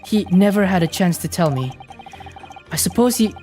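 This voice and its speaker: A woman voicing an earnest young Japanese defense lawyer, a man, speaking in measured lines in a game playthrough. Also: fairly low pitch, expressive, mellow, faint music behind, close to an everyday voice.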